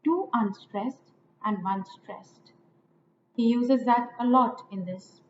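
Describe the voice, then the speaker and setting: Slow-speaking woman teaching poetry meter. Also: a little high. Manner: slow and deliberate, repeats and stresses syllables. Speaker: literature teacher. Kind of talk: poetry lecture. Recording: echoey, tinny phone-like audio with faint noise.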